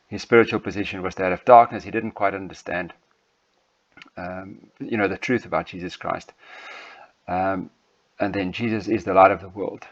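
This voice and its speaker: Halting low-voiced man preaching. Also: fairly bright tone. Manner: hesitant, many ums and restarts. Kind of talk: sermon text study with slides. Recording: dull lo-fi sound.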